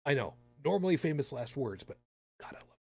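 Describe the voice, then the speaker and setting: A man's voice: mid-range voice, big pitch swings, quick pace, gravelly, warm tone, breathy edge, no room sound. A man hosting a podcast in casual chat, talking with sarcastic, rambling asides. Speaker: podcast host.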